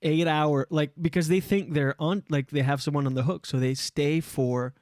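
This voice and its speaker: Animated male podcast host, dry close mic. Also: fairly high pitch, normal speed, dry recording. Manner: animated storyteller, swearing freely. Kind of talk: casual podcast chat.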